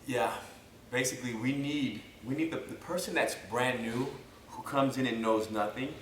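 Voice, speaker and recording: Lively jiu-jitsu teacher guy acting stuff out, echoey room, mic far off. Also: medium pitch, moderate pace, a little hiss or hum. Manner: animated, acts out scenarios while explaining. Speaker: jiu-jitsu instructor and co-host. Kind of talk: casual instructional talk. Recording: roomy and distant mic.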